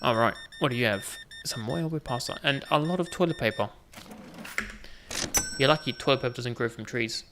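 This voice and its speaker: A young man gives casual gameplay commentary, teasing the customers as he rings them up. His voice has a gravelly, rough texture. A faint hiss sits under the recording. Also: medium pitch, fairly quick. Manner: chatty, joking with in-game customers. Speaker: gaming video host.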